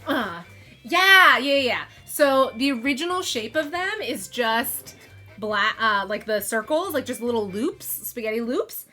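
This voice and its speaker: Woman, Valley Girl inflection, rambling live-stream chatter, lots of "like", bright sharp tone, slightly high voice. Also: animated, a little slow. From Missouri, USA. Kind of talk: casual live-stream chat. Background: faint background music.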